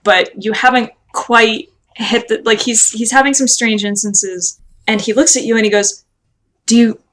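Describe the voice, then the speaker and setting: A woman's voice: on the high side, moderate pace, slight background noise. Chatty woman game master. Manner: relaxed, chatty, filler "like". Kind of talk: narrating a tabletop game.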